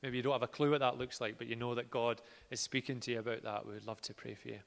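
A man preaching a sermon in an earnest way, moving from quiet words to loud ones. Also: medium pitch, little pitch movement, quick pace, creaky. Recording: reverberant hall.

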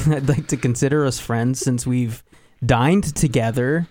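A man co-hosting a podcast, chatting casually with a playful, deadpan teasing manner and frequent laughs. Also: mid-range voice, measured pace, a little hiss or hum. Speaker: podcast co-host. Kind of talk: casual joking chat.

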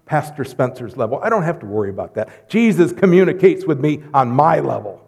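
Animated preacher in a reverberant hall. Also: male voice, a little high, fairly quick, vocal fry, slightly rough. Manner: animated, jokey, swings between loud and hushed. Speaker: pastor. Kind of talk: sermon. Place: church sanctuary.

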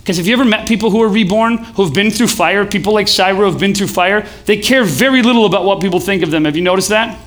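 High-voiced young male pastor. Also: fast, few pauses. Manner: casual, joking, building to shouts. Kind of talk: sermon with call-and-response. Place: event hall with live audience.

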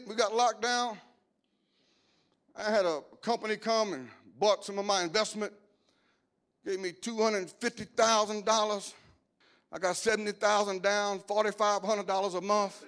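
High-voiced joking male preacher. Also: moderate pace. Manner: lively, joking storytelling preacher style. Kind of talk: sermon.

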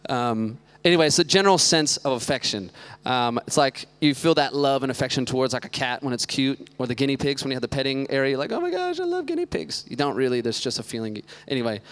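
A man in his thirties preaching a relaxed sermon, full of quips and side jokes. His voice is smooth and clear, at a middle pitch for a man. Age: 30s. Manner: joking, chatty asides. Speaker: youth pastor. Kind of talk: casual sermon.

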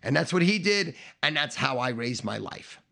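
Gravelly, swaggering middle-aged man. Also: medium pitch, big pitch swings, moderate pace, bright, forceful tone. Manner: emphatic, swaggering, builds through repeated phrases. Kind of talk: profane boastful monologue.

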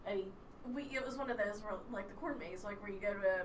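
A woman's voice: medium pitch, fast talker. Thirties woman rambling thru a funny story, kinda far from the mic, hissy. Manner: rambling, laughing storyteller who swears casually. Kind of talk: casual chat. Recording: distant mic with audible hiss.

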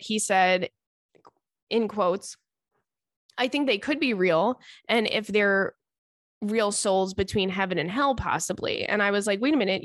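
A woman's voice: medium pitch, no room sound, studio quality. A woman hosting a podcast, reading out listener letters and reacting in a chatty, giggly way, often breaking into laughter. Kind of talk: casual chat.

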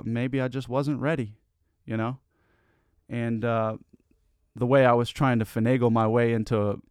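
A man talks through a personal reflection in a loose, searching way, often stumbling over repeated words. His voice sits at an ordinary middle pitch. The sound is dry and close, with no room echo. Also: a little mellow. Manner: halting, repeats words, candid, swears casually.

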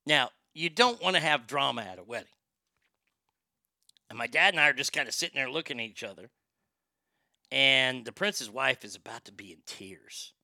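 A man's voice: medium pitch, lively intonation, moderate pace, vocal fry, pauses often, pushed and bright, no echo, studio quality. A man, the show's host, telling a long personal anecdote in a casual, profane, conversational way with frequent restarts.

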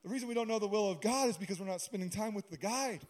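Pastor, male, higher pitch, mellow tone, casual preaching with jokes. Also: rapid-fire. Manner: conversational preaching with humorous asides. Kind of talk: sermon.

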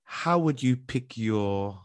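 Man, podcast co-host, mid-pitched, teasing and playful, sets up questions. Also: expressive, takes it slowly. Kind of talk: casual podcast chat.

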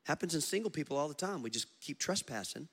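A man, a pastor, preaching a sermon with big swings between loud emphasis and low storytelling. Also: expressive, fast talker, breathy edge. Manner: tells stories with acted dialogue and asides.

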